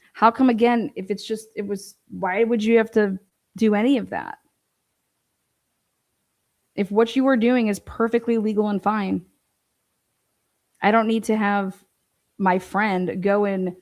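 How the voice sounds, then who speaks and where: A woman's voice: medium pitch, a little mellow. Profane, sarcastic woman ranting. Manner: mocks others in quoted voices; reads court filings aloud and rebuts them. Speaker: commentator. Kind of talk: ranting commentary on a court case.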